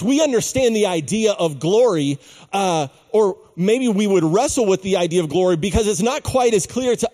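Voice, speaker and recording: A man preaching a sermon, slow and emphatic, with dramatic pauses on key words. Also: high voice, warm tone, in a large hall. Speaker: pastor.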